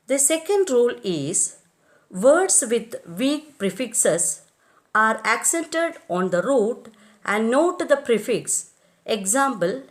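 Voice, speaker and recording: A woman's voice: on the high side, sing-song, slow. A woman teacher with an Indian English accent, giving a scripted lecture on English word stress and carefully reading out list after list of example words.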